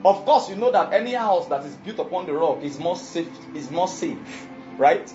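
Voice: medium pitch, animated, normal speed, music in the background. A preacher giving an emphatic sermon and often asking the congregation if they follow. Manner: emphatic, keeps asking the audience questions. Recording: dull lo-fi recording.

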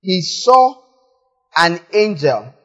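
A man preaching a sermon in a church, animated, moving from quiet asides to loud exclamations. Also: high voice, extremely slow. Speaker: pastor. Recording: echoey hall, slightly dull sound.

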